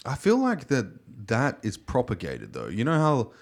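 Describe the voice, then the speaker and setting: A man's voice: medium pitch, wildly swooping pitch, moderate pace, vocal fry. A man co-hosting a podcast, chatting bluntly with frequent swearing and jokes. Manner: blunt, profane, joking. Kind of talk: casual podcast chat.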